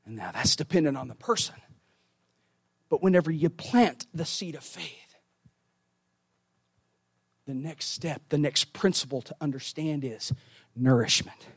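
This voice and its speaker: A man preaching a sermon in a conversational way, building to shouted emphasis and dropping to near whispers, with casual asides and repeated words. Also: on the high side, slightly rough, no echo.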